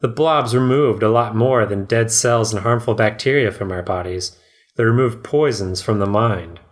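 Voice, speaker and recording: A man voicing a calm, knowing male archaeologist with slow, measured delivery. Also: lowish voice, close to an everyday voice. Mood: serene.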